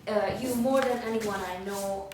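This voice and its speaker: A woman's voice: mid-range voice, moderate pace, a crowd in the background. A woman in an acting class rehearsing lines, repeating them over and over and hesitating between takes. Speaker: acting student. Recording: echoey room from far off, faint noise.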